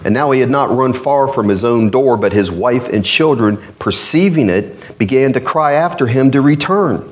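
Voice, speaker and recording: A man preaching a sermon, reading an old allegory aloud with dramatic rises on the characters' cries. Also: moderate pace. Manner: reads old-fashioned text dramatically, rising pitch on cries.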